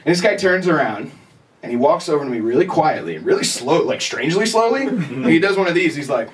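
A young male comedian tells a story on stage at a bar, high-voiced and swinging his pitch all over. He sounds far from the mic, with loud bar noise behind him. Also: fast talker. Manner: animated, swears casually, acts out scenes. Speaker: stand-up comedian. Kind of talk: stand-up storytelling.

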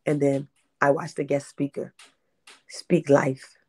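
Woman, 50s; lively interview storyteller who repeats phrases and acts out dialogue. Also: low-pitched, slow pace, husky. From Baltimore, USA. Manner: animated, repeats herself, acts out quotes. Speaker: interview guest, independent filmmaker.

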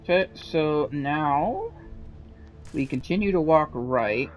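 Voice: medium pitch, animated, slow pace, faint music behind, low-quality recording. A gamer casually commenting on a playthrough and reading game text aloud. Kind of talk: let's play commentary.

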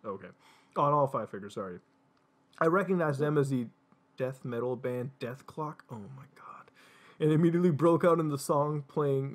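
A man's voice: mid-range voice, moderate pace. A man reading a silly story aloud with friends, laughing and breaking off mid-reading. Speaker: reader of a joke story. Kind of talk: comedic dramatic reading among friends.

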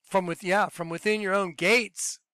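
A man hosting a religious video, talking in an emphatic, excitable way and repeating his points. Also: high voice, normal speed, clear, resonant tone, dry recording. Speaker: Christian video host.

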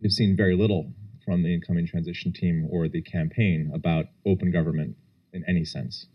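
A man's voice: low voice, fairly even intonation, brisk, breathy edge, muffled recording. A man at a policy panel, steadily framing a question. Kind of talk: panel discussion.

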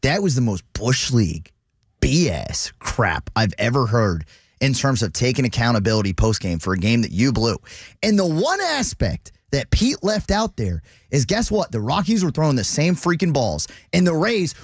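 A man's voice: a little high, very animated, moderate pace, husky, no echo, studio quality. A male sports radio co-host giving blunt, exasperated and sarcastic commentary. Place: radio studio.

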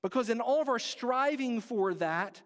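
A man with an extremely high-pitched, animated voice preaches as pastor at normal speed, his words ringing through the large hall of a church sanctuary. He stays earnest and conversational, asking the congregation pointed questions.

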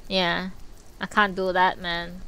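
A woman streamer chatting casually on a live stream, blunt and dry, swearing freely and low on energy. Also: little pitch movement, slow, bright, forceful tone, clear, resonant tone, no echo.

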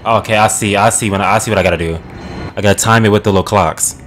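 Low-voiced excitable gamer man. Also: fast talker, a little hiss or hum. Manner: excitable, swears a lot, talks to the screen. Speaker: gaming channel host. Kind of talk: let's play commentary. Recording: game music behind the voice. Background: game music.

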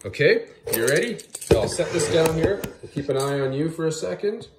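In a very noisy clip, a man briskly reviews food on camera, relaxed and keen, humming happily and saying mmm a lot while he eats. He chats with his pet in an excited, high-pitched voice.

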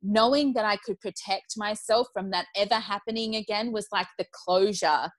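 A woman's voice: mid-range voice, moderate pace, no echo. Chatty, candid woman, dry sound. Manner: chatty and candid, laughs easily. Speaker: guest. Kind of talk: casual podcast conversation.

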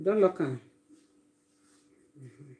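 A woman's voice: lowish voice, expressive, extremely slow, phone-quality sound. A Nigerian woman chatting casually on a live stream, greeting her viewers one by one with effusive exclamations. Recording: roomy echo.

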